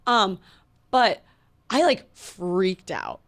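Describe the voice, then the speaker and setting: Animated young woman telling a story. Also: mid-range voice, very slow. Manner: animated storytelling, heavy use of "like", frequent restarts and laughs. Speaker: podcast co-host. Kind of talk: casual podcast chat.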